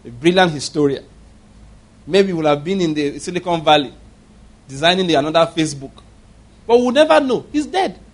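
Man preaching a sermon, high voice, from nigeria, quiet murmurs rising to loud exhortation, rhetorical questions to the congregation. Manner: swings between low murmurs and loud exhortation.

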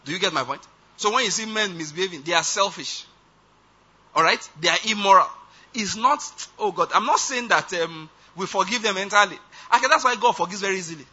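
A man's voice: high voice, a little fast, pushed and bright, breathy edge. A man preaching a sermon, emphatic and often checking that his listeners follow. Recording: dull lo-fi recording.

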